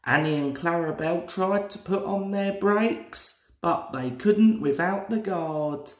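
A young man in his twenties reading a children's storybook aloud as a storyteller. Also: high voice. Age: 20s. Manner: slow, lively storybook reading. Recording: roomy echoey room.

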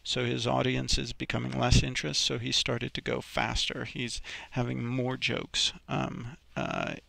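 A man's voice: mid-range voice, measured pace, gravelly, pushed and bright, dry recording. A man teaching a recorded vocabulary lesson, explaining each example step by step with many ums and restarts.

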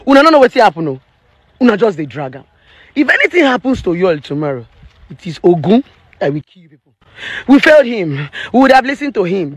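A woman's voice: medium pitch, breathy edge, dry recording. A woman in her thirties with a Nigerian accent, a relationship therapist giving her opinions in a preachy, emphatic vlog rant. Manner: emphatic and preachy, slipping into Pidgin.

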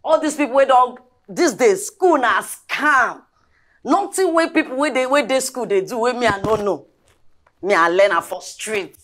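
An actress playing a cheeky, streetwise young housemaid with a Nigerian accent, talking back in pidgin. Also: female voice, on the high side, lively intonation, normal speed, a bit bright, slight background noise. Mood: brash. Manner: brash, talks back in pidgin.

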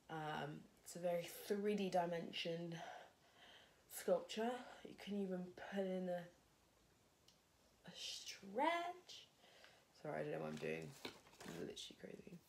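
Chatty young woman with a gravelly voice. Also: fairly low pitch, darkish tone, a little hiss or hum. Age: young adult. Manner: chatty, thinking aloud, self-deprecating. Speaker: fashion design student. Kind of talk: casual vlog narration while crafting.

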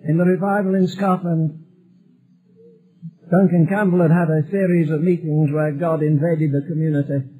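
A man's voice: on the high side, little pitch movement, moderate pace, narrow, tinny audio. A male preacher delivering a sermon emphatically, building repeated phrases toward a climax.

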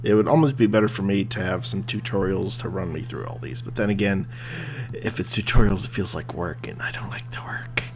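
A man giving casual commentary on his gameplay, excitable and laughing often as he cheers his machine on. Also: sits low, brisk, background noise. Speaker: gamer. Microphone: desk USB microphone.

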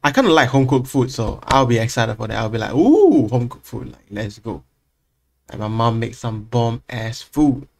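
A man's voice: medium pitch, steady tone, moderate pace, vocal fry. A man hosting a reaction video, chatting casually in a laid-back way with lots of fillers.

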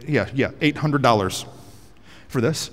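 A pastor preaching a sermon on a headset mic in a large church auditorium, energetic and joking, rising to shouts for emphasis. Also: male voice, medium pitch, a little slow, big-room sound.

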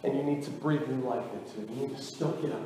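A man's voice: medium pitch, fast talker, warm tone. A young man preaching a sermon as pastor, earnest and conversational, building to emphatic exhortations. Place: church sanctuary. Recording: echoey church hall with reverb.

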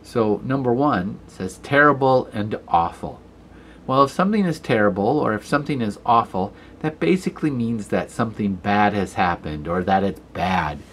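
A man with a somewhat low voice walks through a grammar lesson. He explains each point patiently and step by step, talking to his computer camera as he types. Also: expressive, moderate pace, slight background noise. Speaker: teacher. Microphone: computer camera mic.

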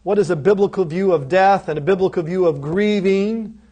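A man giving a recorded course lecture, emphatic, asking rhetorical questions and answering them himself, slowing down and dropping softly on key phrases. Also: high voice. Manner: slows right down and drops softly on key phrases. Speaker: seminary lecturer.

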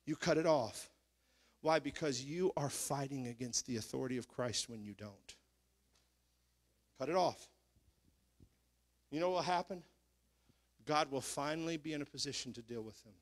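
A man's voice: a little high, normal speed, long pauses, fairly bright tone. A male pastor preaching a fervent sermon in church, calling out to the congregation as he drives his points home.

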